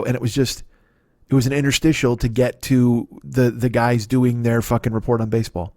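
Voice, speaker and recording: Fifties guy ranting fast and swearing a lot, dead dry sound, comedy podcast monologue. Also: mid-range voice, dry recording. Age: 50s. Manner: profane, ranting, animated.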